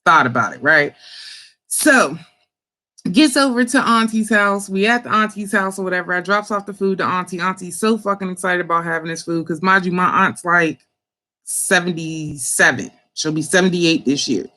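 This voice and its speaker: A woman hosting an online talk, telling a family story in a casual, animated, profane way with slangy speech and frequent laughter. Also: on the low side, normal speed. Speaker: host.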